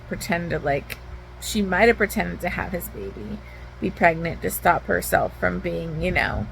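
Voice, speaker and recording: Woman, book vlogger, casual heated retelling, fry in the voice, faint hum behind. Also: lowish voice, low-quality recording. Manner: candid, heated retelling, heavy use of "like". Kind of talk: casual reading vlog. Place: at home.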